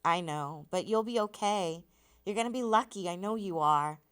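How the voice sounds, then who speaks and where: A woman's voice: fairly low pitch, moderate pace, smooth, lightly acted. A woman reading as a weary dying father. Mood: reassuring. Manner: quiet, reassuring. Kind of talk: reading a novel aloud.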